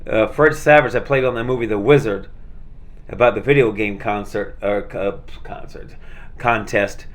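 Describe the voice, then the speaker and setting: A man's voice: lowish voice, normal speed. A man chatting casually and rambling through his collection, with lots of fillers and restarts. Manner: rambling, many fillers and restarts, laid-back. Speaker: vlogger showing his movie collection.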